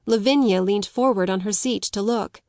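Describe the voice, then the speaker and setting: A woman's voice: medium pitch, normal speed, darkish tone, dry recording, studio quality. Woman narrating a classic novel. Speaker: audiobook narrator.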